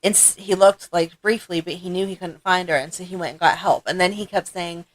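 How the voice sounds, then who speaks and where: Middle-aged woman co-host, slightly low voice, steady matter-of-fact recapping. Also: fairly quick. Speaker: podcast co-host. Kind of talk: casual fan podcast chat.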